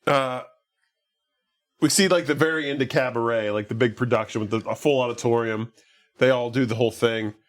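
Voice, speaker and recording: A podcast co-host with a medium-pitched male voice speaks fairly quickly in a steady tone. He recaps a movie in an offhand, rambling way, saying "like" often and acting out quotes from the characters.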